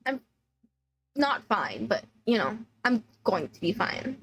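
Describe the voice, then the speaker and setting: A woman's voice: mid-range voice, very animated, slow, slight background noise. A woman streamer chatting casually about a sad trip story, tearful, laughing through tears and full of "like" fillers. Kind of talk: casual chat.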